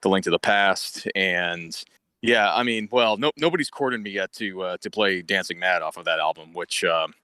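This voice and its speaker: A man's voice: low voice, moderate pace, sharp tone, smooth, dry recording. A man talking as a guest musician on a live stream, chuckling and self-deprecating in casual chat.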